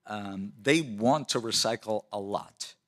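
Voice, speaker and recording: A male city department official fields questions at a council meeting, speaking conversationally with lots of fillers and restarts. His voice sits on the low side, a little bright, and he talks slowly.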